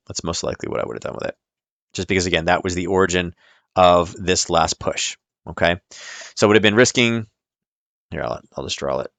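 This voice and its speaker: A man's voice: low-pitched, fairly bright tone, no room sound. A man hosting a live trading stream, walking through charts in a chatty, step-by-step way with frequent ums.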